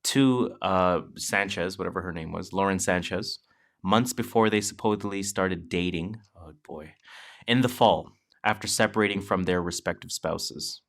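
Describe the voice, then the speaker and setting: A man's voice: low voice, moderate pace, fairly bright tone. A man co-hosting a podcast, reading news items aloud and adding casual, slangy commentary. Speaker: podcast co-host. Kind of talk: casual chat.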